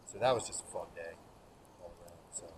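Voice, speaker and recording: Man, folksy rambling storyteller, campfire outdoors, steady background noise. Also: sits low, a little fast. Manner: folksy, rambling, laughs at his own stories. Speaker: host. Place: outdoors by an open fire.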